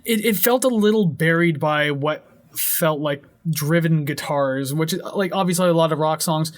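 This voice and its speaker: A man's voice: on the high side, moderate pace. A young man co-hosting a podcast, chatting casually about an album and rambling with lots of fillers and hedges. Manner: rambling, hedging with many fillers. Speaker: podcast co-host. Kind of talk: casual album review chat.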